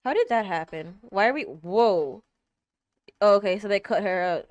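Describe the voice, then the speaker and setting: Animated woman reacting, lively up and down. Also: medium pitch, normal speed, no room sound, lo-fi sound. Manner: gasping, exclaiming, swinging from hushed to loud. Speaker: reaction streamer. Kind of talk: anime reaction commentary.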